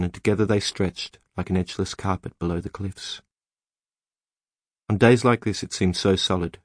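A man narrating an audiobook in a measured, even storytelling manner, close to the mic. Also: sits low, no room sound. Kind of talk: scripted narration.

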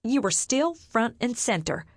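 A woman voicing a stern, sharp-tongued mother who scolds her grown daughter. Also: a little high, big pitch swings, unhurried, husky, no echo, clean studio sound, full character voice. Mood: scolding.

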